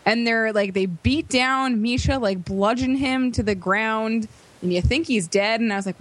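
Animated woman retelling a film. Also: fairly high pitch, moderate pace, dry recording. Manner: animated storytelling, many "like" fillers. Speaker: podcast co-host. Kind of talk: casual chat.

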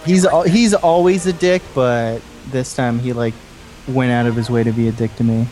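A man's voice: mid-range voice, moderate pace, darkish tone, soft background music. Man telling a laughing story. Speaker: podcast guest. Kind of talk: casual podcast chat.

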